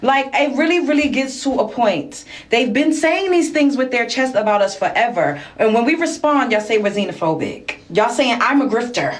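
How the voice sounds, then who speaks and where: A woman from the United States hosts a reaction commentary with a slightly high-pitched voice. She speaks in a heated, indignant way. She repeats lines to drive each point home. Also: lively intonation, normal speed, hardly any pauses. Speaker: commentator and host.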